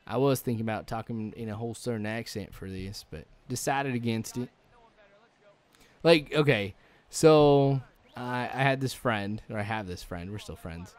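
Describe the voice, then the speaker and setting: A man's voice: mid-range voice, moderate pace. A young man giving rambling, chatty let's-play commentary, full of likes and ums, chuckling now and then. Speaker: gaming channel host.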